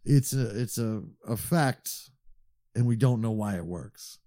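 A man co-hosting a film podcast in casual chat, animated and quick to laugh. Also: lowish voice. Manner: animated, laughs easily, slips into silly voices. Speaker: podcast co-host.

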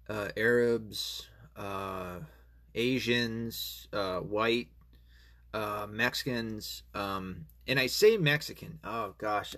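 A man's voice: lowish voice, a bit bright. A man talking casually in a long, rambling monologue, swearing often and stumbling through fillers and restarts. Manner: reads online comments aloud with mocking asides.

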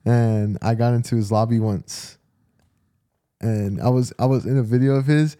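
A man's voice: mid-range voice, steady tone, normal speed, warm tone, clear, resonant tone, no echo, clean studio sound. A young man co-hosting a podcast, telling a rambling story with lots of restarts in casual chat. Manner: rambling, laid-back, trailing restarts. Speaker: podcast co-host.

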